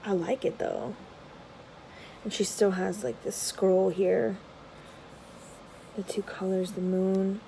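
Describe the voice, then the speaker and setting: Slow, mellow woman musing aloud. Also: medium pitch, flat delivery, creaky, slight background noise, low-quality recording. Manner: rambling, many filler words, half-murmured asides; drops to a soft whisper at times. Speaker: tarot vlogger. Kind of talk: casual unboxing commentary.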